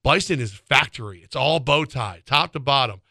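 Man, sports radio co-host, rambling excitable storyteller, bright voice, dry close mic. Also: mid-range voice, moderate pace, gravelly, no echo. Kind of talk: sports talk and live-read ad.

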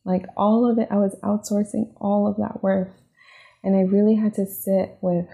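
A woman's voice: medium pitch, level tone, moderate pace, vocal fry, narrow, tinny audio. A woman hosting a podcast, talking through her personal struggles in a reflective, confessional monologue, emotional and leaning on fillers like "like" and "right?". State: emotional, near tears. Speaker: podcast host.

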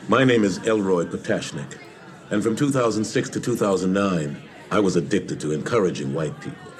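An actor playing a smooth, amused middle-aged man confessing a habit of flattering people, in a scripted TV comedy scene. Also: low voice, moderate pace, lightly acted. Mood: wry. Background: music.

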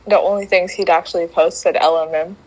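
A woman's voice: lowish voice, steady tone, fairly quick, poor audio. A woman chatting casually, teasing and chiming in with prompts while her friend tells a story. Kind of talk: casual chat.

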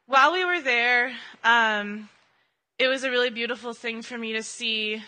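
A woman shares an earnest, conversational church testimony, often pausing on an um. Her voice sits a little high and sounds very bright and forceful. The sound carries a long reverb from a church hall. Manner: earnest and conversational, with frequent ums. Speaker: church member giving a mission-trip testimony. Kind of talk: personal testimony at a church service.

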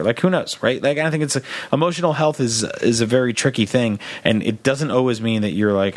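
A man co-hosting a casual comedy podcast. He rambles through his stories, full of restarts, and jumps into quoted voices as he goes. His pitch sits in the middle range for a man. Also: a little fast, few pauses. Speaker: podcast co-host.

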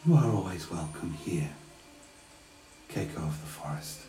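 Regal, sing-song elf queen in a tabletop game, played by a man; calm and kind, slightly lowered voice. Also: unhurried, echoey room, a little hiss or hum, low-quality recording.

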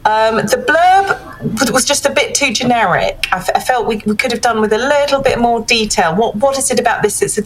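A woman giving measured feedback on a piece of writing in a casual panel discussion. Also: fairly high pitch, lively intonation, a bit bright, a little hiss or hum, low-quality recording. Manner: thoughtful, measured critique with many fillers.

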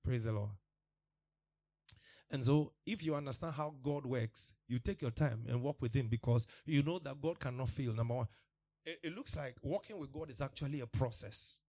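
A man's voice: mid-range voice, moderate pace, mellow. Emphatic preacher man. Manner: emphatic, repetitive, laughs between points. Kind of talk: sermon.

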